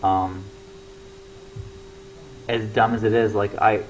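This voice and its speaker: A man's voice: fairly low pitch, little pitch movement, takes it slowly, a little hiss or hum, low-quality recording. A young man talking casually to camera, rambling with lots of fillers and restarts. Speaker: comedy show regular.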